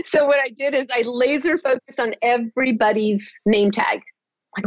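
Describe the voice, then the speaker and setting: A woman guest on a podcast telling a personal story in a lively way, often laughing and restarting her words. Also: on the high side, unhurried, no echo. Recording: dull, dry, lo-fi sound.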